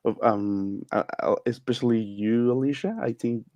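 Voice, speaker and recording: A man's voice: medium pitch, steady tone, moderate pace, a little mellow, slight background noise. A man who is not a native English speaker, a guest on a live chat, talking hesitantly and thanking people. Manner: hesitant, many fillers and restarts. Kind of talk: casual video call chat.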